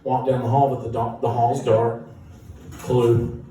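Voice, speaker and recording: A band musician telling an animated, self-mocking story with frequent laughter. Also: male voice, mid-range voice, measured pace, faint music behind. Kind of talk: casual anecdote storytelling. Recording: echoey room, distant mic, noisy.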